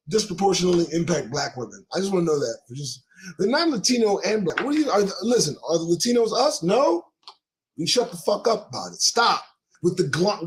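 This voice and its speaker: High voiced guy ranting about the news, lots of swearing and rhetorical questions, voice all over the place. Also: low-quality recording. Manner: heated, profane, fires rhetorical questions. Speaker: podcast host. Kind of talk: commentary monologue on news items.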